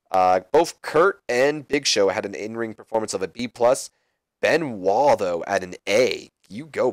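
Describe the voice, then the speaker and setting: Guy chatting offhand over a game, middle pitch, dry close sound. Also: no echo. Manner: rambling, offhand. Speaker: game commentator. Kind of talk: casual gameplay commentary.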